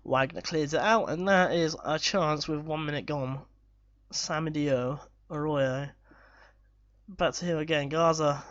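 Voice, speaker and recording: Brit gamer dude getting worked up and cursing at his team, higher voice, dead dry muffled mic. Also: a little slow, no echo. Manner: excitable, swears and shouts at missed chances. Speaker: gaming YouTuber. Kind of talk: live commentary over a football management game.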